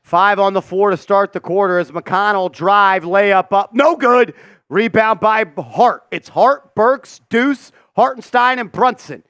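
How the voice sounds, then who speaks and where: A man hosting a fan watch party, calling play-by-play in an excitable, profane, mocking way. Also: sits high, unhurried, clear, resonant tone, no room sound, studio quality.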